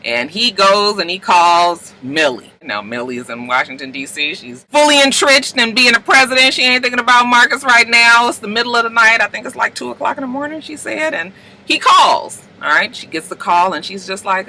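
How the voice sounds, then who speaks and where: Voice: mid-range voice, animated, brisk, bright, forceful tone, poor audio. A speaker casually recapping a TV episode, telling the story with slang and acting out characters' lines along the way. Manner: salty slang, addresses viewers directly. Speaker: TV show recapper.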